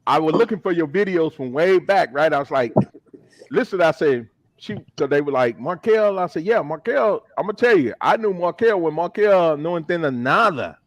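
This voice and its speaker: A man's voice: on the high side, animated, moderate pace, dry recording. A man chatting as a guest on a live podcast, joking and swearing, slipping into fluent Spanish. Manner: laughing, profane banter. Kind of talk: casual chat.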